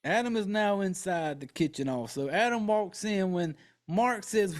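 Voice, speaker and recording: A man hosting a podcast, retelling a film in an excitable, profane, casual way and acting out characters' lines. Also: high voice, a little slow. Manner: acts out characters' lines in quotes. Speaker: podcast host. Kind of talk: casual movie recap.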